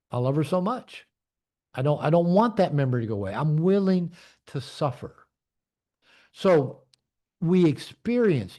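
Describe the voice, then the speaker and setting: An earnest man in his late sixties speaks candidly to an online group, reflective and open. His voice sits a little high for a man and moves freely up and down as he talks. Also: a little mellow. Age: 60s. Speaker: men's coach and community leader. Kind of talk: personal talk to an online group.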